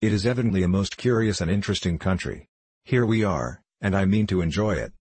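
A man with a husky voice reading a cheerful, easygoing young male painter in a light, teasing manner. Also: sits low, expressive, brisk, darkish tone, no echo.

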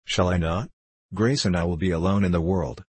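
A man's voice: low voice, normal speed, a little mellow, slightly rough, no room sound. A man voicing a modest, brave fourteen-year-old boy in a storybook reading, speaking plainly and earnestly.

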